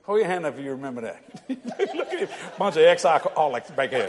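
A man's voice: on the high side, sing-song, fast talker, noisy background. A middle-aged man, preaching to a congregation in a church hall and telling funny stories, laughing often and acting out the people in them. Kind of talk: humorous storytelling sermon.

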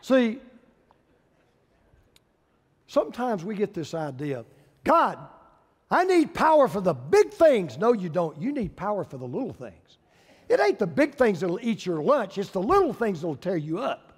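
A male pastor, preaching a sermon with folksy humor and lively storytelling. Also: sits high, moderate pace, pauses often, husky, long reverb tail.

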